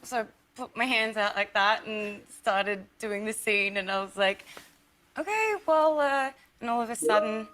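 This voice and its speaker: A woman's voice: medium pitch, fairly even intonation, normal speed, few pauses, fairly bright tone, slight background noise. An Australian woman telling an anecdote in an interview, chatty and acting out the dialogue. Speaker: interview guest.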